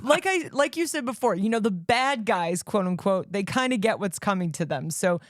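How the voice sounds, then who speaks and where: Woman co-host, casual and animated, laughs easily; dry close sound. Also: medium pitch, moderate pace, dry recording. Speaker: podcast co-host. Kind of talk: casual chat.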